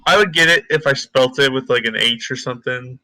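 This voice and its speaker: A man with a bright, forceful voice trading goofy jokes as a podcast co-host. He talks in loose, casual chat over a voice call. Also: medium pitch, a little fast, dry recording, rough recording. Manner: joking, goofy banter.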